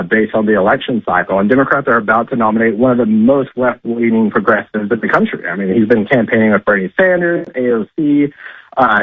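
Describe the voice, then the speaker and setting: A man with a fairly low, breathy voice calls in as a political correspondent, and the phone line sounds tinny but has no echo. His commentary is conversational and full of fillers, especially "uh" and "I mean."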